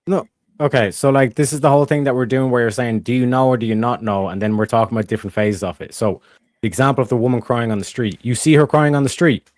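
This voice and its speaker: A man in a heated casual debate, talking fast with many restarts and frequent swearing. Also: medium pitch, darkish tone, no echo, studio quality.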